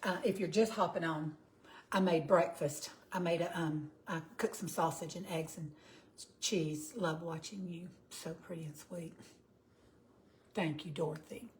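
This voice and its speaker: On her cooking livestream, a Georgia woman in her fifties talks casually with viewers in a Southern US accent, welcoming them by name and reading their comments aloud. Her voice is fairly low and steady, a little slow, with slight background noise.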